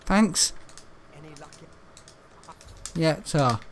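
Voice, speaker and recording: A man casually commenting on his gameplay, going from muttered asides to sudden excited shouts and laughs. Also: very slow. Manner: excitable, bursts into high shouts and laughs at the game.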